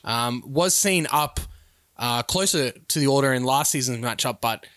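A man's voice: medium pitch, moderate pace, a bit bright, no echo, clean studio sound. A man doing mock sports commentary for a simulated cricket game in announcer cadence. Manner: announcer cadence, reading out lineups and sponsors. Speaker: play-by-play commentator.

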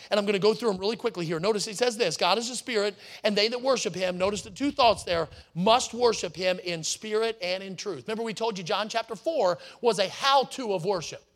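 Guy preaching a sunday sermon, pretty high voice, leans hard on key words. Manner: emphatic preaching, slows down to stress words. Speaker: pastor.

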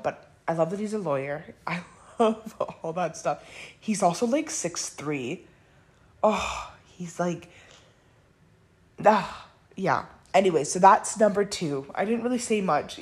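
A woman's voice: on the low side, a little mellow. A woman hosting a podcast, talking candidly and bluntly in a casual monologue, swearing freely and often laughing. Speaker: podcast host.

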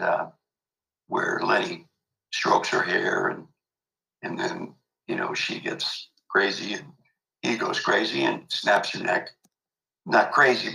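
A man's voice: low voice, creaky, bright, forceful tone, echoey room, low-quality recording. An older man recalling his past in an interview, reflective and emotional, with many fillers. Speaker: interview guest. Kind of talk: storytelling interview.

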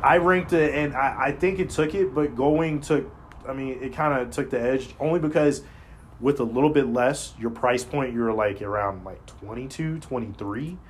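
A man talking in a casual chat, blunt and profane, telling animated stories as a podcast host. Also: mid-range voice, moderate pace, a little hiss or hum.

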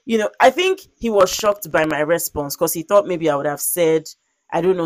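A young woman telling a story in casual conversation, animated and expressive, acting out quotes and using lots of fillers. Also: low-pitched, quick pace, dry recording. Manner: frequent "like" fillers.

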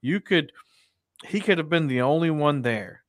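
A man's voice: on the high side, expressive, moderate pace, dry recording. Enthusiastic man in a dry room. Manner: affirming, then enthusiastic rhetorical questions. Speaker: podcast co-host. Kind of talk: casual chat.

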